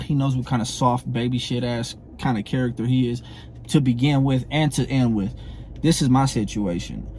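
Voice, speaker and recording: Heated man, mellow tone. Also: mid-range voice, slight background noise. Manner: heated, blunt, profane, repeats phrases and asks "you know what I'm saying". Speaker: former prison inmate calling out a comedian. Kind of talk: confrontational monologue to camera.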